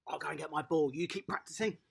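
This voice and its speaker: A toddler tennis coach leading a lively online lesson for small children, upbeat and encouraging, praising each child by name. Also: medium pitch, fast, creaky, noisy background.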